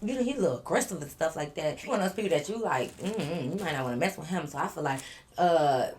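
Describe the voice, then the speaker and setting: Animated woman telling a story. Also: deep voice, quick pace, slight background noise. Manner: animated, laughing, acting out quotes. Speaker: vlogger. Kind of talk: storytime narration.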